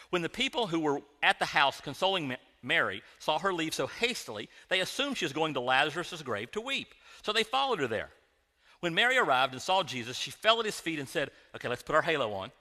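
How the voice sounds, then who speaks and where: A man's voice: fairly high pitch, animated, a little fast, bright, forceful tone, in a large hall. A man preaching in a conversational, joking style, speaking directly to his congregation in a church sanctuary. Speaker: pastor. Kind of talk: sermon.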